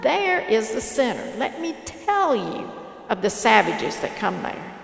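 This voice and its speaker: A smug, fault-finding brother points fingers at others, voiced by a woman. His accusing voice is pitched high with a gravelly rasp. A roomy hall echo surrounds it. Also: sing-song, measured pace, faint music behind, exaggerated voice. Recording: echoey hall reverb.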